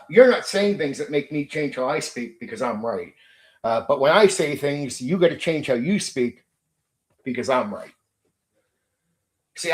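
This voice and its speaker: Aggrieved man ranting, raised pitch. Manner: aggrieved, repetitive, emphatic, swears; mimics rivals in sneering quoted voices. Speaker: channel host. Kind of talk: unscripted monologue rant.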